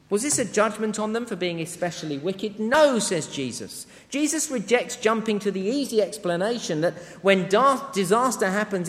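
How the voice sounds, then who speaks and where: A man with a high, light voice preaches a sermon in an earnest, measured way, leaning hard on short emphatic words. His voice rings out with a long reverb, as if filling a large church. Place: church to an international congregation.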